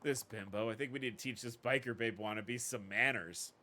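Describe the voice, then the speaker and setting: A man's voice: mid-range voice, a little fast, sharp tone, natural voice. A man doing sleazy, pushy club touts. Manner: leering, wheedling come-ons.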